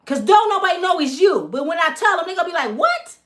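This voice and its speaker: Heated high-voiced woman ranting to viewers. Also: sing-song, quick pace, a bit bright. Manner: heated, emphatic, addresses viewers as y'all. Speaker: channel host. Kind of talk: angry vlog rant to viewers.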